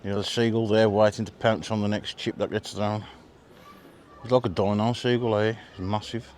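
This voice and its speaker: A British man with a fairly low voice hosts a casual food vlog at a marina, rating what he eats and bantering between bites. His talk is chatty and jokey, recorded outdoors. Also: level tone, normal speed, darkish tone, slight background noise. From Britain. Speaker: vlog host.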